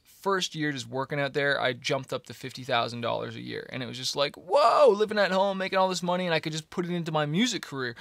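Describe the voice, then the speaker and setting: A young man recounts his journey in an eager, chatty way, dropping "man" and "you know" as he goes. His voice sits a little on the high side. The sound is dry and close, with no room echo. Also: creaky. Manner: energetic, fillers like "man" and "you know", excitable. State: coughing a little. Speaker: musician vlogger. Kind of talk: casual storytelling to camera.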